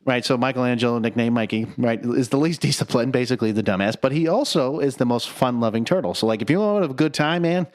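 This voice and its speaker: A man's voice: mid-range voice, fast talker, few pauses. A man hosting a casual podcast chat, rambling with lots of fillers and casual swearing. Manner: rambling, heavy with fillers like "like" and "you know". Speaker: podcast host.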